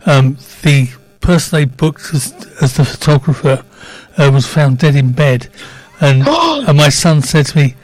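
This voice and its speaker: Easygoing older male co-host, slightly high voice. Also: lively intonation, unhurried, hardly any pauses, dry recording, rough recording. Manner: chuckling, easygoing storyteller. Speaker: radio co-host. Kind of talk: casual radio banter.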